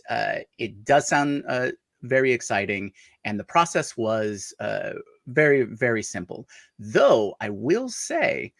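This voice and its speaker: A man co-hosting a podcast, talking casually with a hesitant manner and a gravelly voice. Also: mid-range voice, a bit bright, no echo, clean studio sound. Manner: hesitant, many fillers and restarts. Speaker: podcast co-host. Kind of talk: casual chat.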